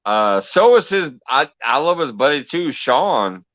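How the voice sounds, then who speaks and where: A man's voice: mid-range voice, sing-song, a little slow, fairly bright tone, no room sound. A man hosting a casual live-stream chat, talking his viewers through each step as he sets things up. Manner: chatty, talks through each step while fixing links. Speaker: livestream host.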